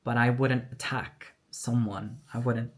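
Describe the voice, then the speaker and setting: A woman's voice: a bass voice, steady tone, a little slow. A woman telling a personal story in a candid, emotional vlog, acting out what others said. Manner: candid, emotional retelling with quoted dialogue. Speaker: vlogger.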